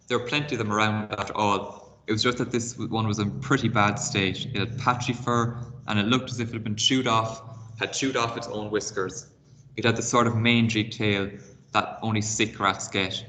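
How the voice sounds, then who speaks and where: Bright-voiced man reading a story to pupils. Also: lowish voice, a little hiss or hum. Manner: expressive read-aloud, pausing to explain words and give reading tasks. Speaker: primary school teacher. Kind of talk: reading a novel aloud for a class video lesson.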